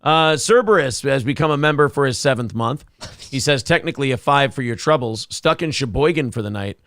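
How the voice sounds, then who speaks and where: A man hosting a casual live-stream talk show, sarcastic and crude, reading out viewer donations and pitching for support. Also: expressive, a little fast, a bit bright, dry recording, clean studio sound. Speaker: show host.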